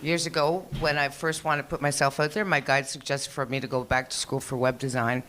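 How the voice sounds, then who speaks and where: A woman's voice: a bass voice, a little fast. Older woman, stand-up comic, rambling chatty delivery, swears a lot, lots of likes and ums. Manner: chatty, profane, animated storytelling with many fillers. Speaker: stand-up comedian. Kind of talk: stand-up comedy set. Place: small comedy venue.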